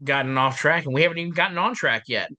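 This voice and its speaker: A male podcast host chatting casually, joking and filling with "uh", his voice a little deeper and rough after being ill. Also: fast talker, pushed and bright, no room sound. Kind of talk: casual chat.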